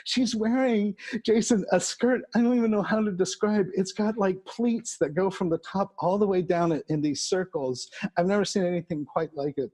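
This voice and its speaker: A man with a somewhat high voice tells a funny story in a loose, casual way. He laughs often and doubles back on words as he builds each scene. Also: moderate pace, darkish tone. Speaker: storyteller guest. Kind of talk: casual anecdote.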